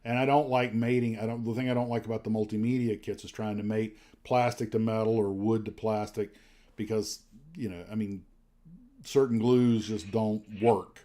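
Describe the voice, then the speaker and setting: A man's voice: lowish voice, steady tone, moderate pace, mellow. A man hosting a casual livestream chat, rambling along with lots of fillers and restarts. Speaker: livestream host.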